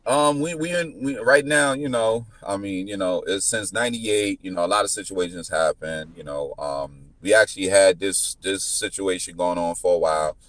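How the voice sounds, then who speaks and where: A man in his thirties telling a story in casual chat, full of restarts, whose pitch jumps up when he quotes people. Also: moderate pace, hardly any pauses, no room sound. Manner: animated, repetitive restarts, jumps into high pitch when quoting. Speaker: podcast guest.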